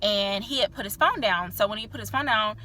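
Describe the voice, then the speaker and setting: A woman's voice: medium pitch, a little fast, sharp tone. A young woman vlogger telling a candid personal story in a chatty, filler-heavy way, swearing freely.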